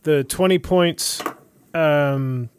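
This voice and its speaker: Fairly high-pitched and very slow, a man's voice comes through with slight background noise. He's co-hosting a casual tabletop game podcast, explaining the rules haltingly with many fillers.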